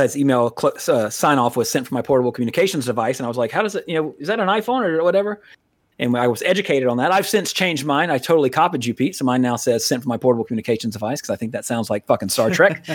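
A man's voice: mid-range voice, no echo, studio quality. An American man co-hosting a podcast in a casual, rambling, profane way, laughing often. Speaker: podcast co-host.

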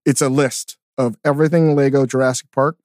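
A middle-aged man hosting a podcast, chatting casually and telling stories with animated, mock-outraged emphasis. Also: mid-range voice, fairly quick, no echo, studio quality. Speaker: podcast host. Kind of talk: casual chat.

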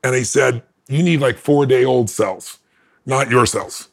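A man who is a podcast guest, telling a personal story in an animated way. He laughs between lines and acts out what other people said. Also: mid-range voice, slow, gravelly.

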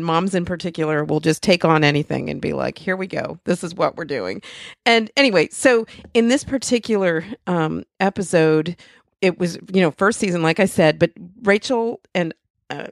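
A woman in her forties hosts a podcast with casual, rambling chat, laughing easily as she goes. Her lowish voice carries a gravelly fry, and the sound is dry and close. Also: no room sound. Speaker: podcast host.

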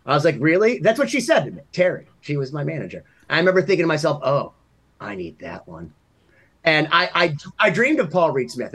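A man in his thirties co-hosting a podcast, telling long stories with big swings between loud and quiet. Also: fairly high pitch. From Massachusetts. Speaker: podcast co-host. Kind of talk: casual chat.

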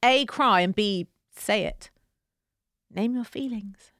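A woman co-hosting a casual podcast, telling stories in a chatty, animated way with dry humor. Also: mid-range voice, slow, dry recording. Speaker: podcast co-host. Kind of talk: casual chat.

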